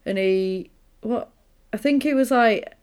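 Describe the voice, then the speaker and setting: A woman's voice: a little high, slow, a little mellow, smooth. A woman co-hosting a podcast, retelling a film in a chatty, amused way. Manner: chatty, amused storytelling with quoted asides. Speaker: podcast co-host. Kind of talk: casual chat.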